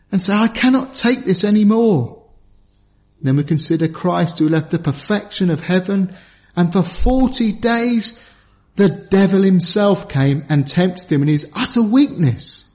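Male preacher, high voice, pleading and earnest, muffled lo-fi sound. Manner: earnest, pleading, drops low and soft for emphasis. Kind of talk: sermon. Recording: dull lo-fi sound.

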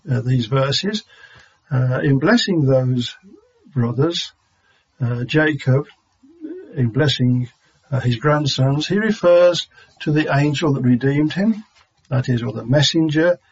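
A man teaching a sermon on Scripture in a measured, halting way with frequent pauses and fillers. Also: medium pitch, slightly rough. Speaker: Bible teacher. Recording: dull lo-fi recording.

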